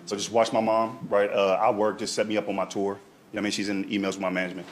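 A young man, a comedian, telling a long story in casual chat, animated and peppered with "right?" and "dog". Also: fairly low pitch, rapid-fire, a little hiss or hum. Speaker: stand-up comedian.

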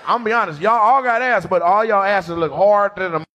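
A man doing brash, teasing crowd work on a comedy stage, half-singing and shouting at the audience. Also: high voice, fast talker, lo-fi sound, soft background music.

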